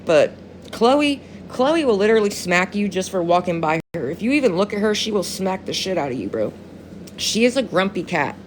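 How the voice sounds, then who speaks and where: A woman's voice: mid-range voice, sing-song, normal speed. A young woman talks loosely into her phone during a live stream, in a mid-range voice. Her talk is slangy and full of swearing, and she bursts out laughing often. A faint hum sits behind her. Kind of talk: casual live-stream chat.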